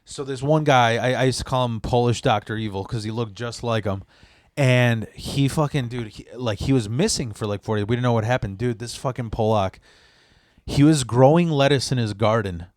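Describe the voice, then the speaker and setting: A man's voice: medium pitch, normal speed, darkish tone, no room sound. Man, Chicago-area podcast guest, rambling profane storyteller, dry close sound. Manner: profane, rambling with many restarts. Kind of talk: casual storytelling.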